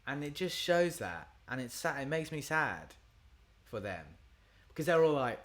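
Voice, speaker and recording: A man's voice: on the high side, big pitch swings, moderate pace, a bit bright. A man, chatting casually and rambling on a livestream for his supporters as a singer-songwriter. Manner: rambling, chatty, lots of fillers.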